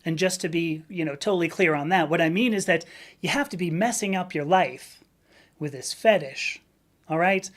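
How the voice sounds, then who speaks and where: A woman with a Southern California Valley accent, hosting a relaxed live stream. She talks candidly and conversationally, answering viewer comments, with plenty of "um"s and little restarts. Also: lowish voice, normal speed. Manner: chatty and candid, with frequent fillers and restarts.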